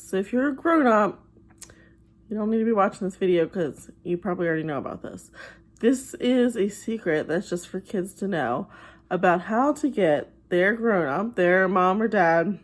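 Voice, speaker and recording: Patient woman explaining things to kids. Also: mid-range voice. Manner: gentle and patient, acts out parents' voices in quick asides. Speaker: behavioral therapist. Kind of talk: talking to camera, explaining advice to kids.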